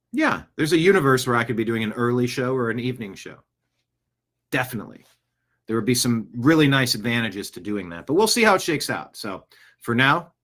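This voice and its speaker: A man's voice: mid-range voice, fairly bright tone. A man hosting a casual news podcast, talking in a loose, rambling way with jokey asides and restarts. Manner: rambling, jokey, slips into silly voices. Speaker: podcast host.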